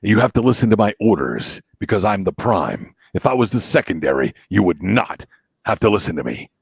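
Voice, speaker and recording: A man voicing a deep, commanding male robot leader who gives booming, self-important orders. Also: very animated, brisk, gravelly, darkish tone, breathy edge, dry recording, full character voice.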